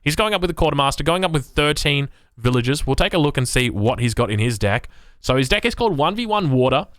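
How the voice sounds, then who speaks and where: A man's voice: medium pitch, lively intonation, fast talker, fairly bright tone, dry recording. A man casting a strategy game match play by play, upbeat and joking, often asking his co-caster questions. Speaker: esports caster.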